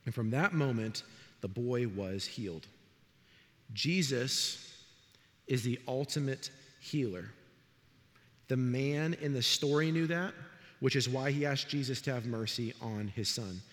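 A man's voice: mid-range voice, a little slow, long pauses, in a large hall. A middle-aged man, a pastor, preaching a sermon in a church and telling stories with acted-out voices. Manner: animated storytelling, acts out voices. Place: church sanctuary.

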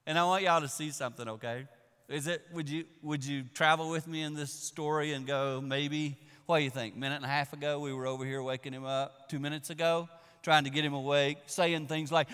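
A man preaching a sermon in a fairly high, bright voice. He tells the story with animation, dropping to a hush and then rising loud. His voice rings through a large, echoey hall. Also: fairly even intonation, fairly quick, smooth. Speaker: pastor.

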